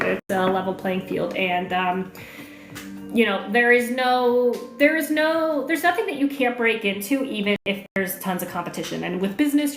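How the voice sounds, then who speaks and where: A woman coaching on a livestream, chatting casually, reading viewer comments aloud and answering questions with plenty of fillers. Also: medium pitch. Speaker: online marketing coach hosting a livestream. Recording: echoey room with faint music.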